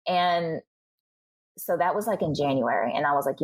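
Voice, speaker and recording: A young adult woman speaking as a podcast guest, telling her story candidly and acting out what other people said to her. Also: sits low. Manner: animated, acts out other people's remarks in quick bursts.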